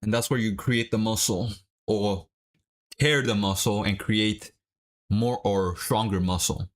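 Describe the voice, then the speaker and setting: A man's voice: on the low side, steady tone, a little slow. Chatty young man hosting a stream. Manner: chatty, coaching viewers through workouts. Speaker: livestream host. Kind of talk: casual watch-along chat.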